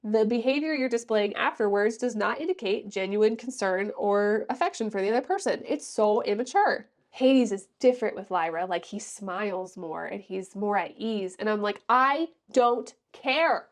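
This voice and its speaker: A woman's voice: mid-range voice, normal speed, few pauses, a little mellow. Brief: woman vlogger, sassy and exasperated, casual book-review recap, acts out characters' lines.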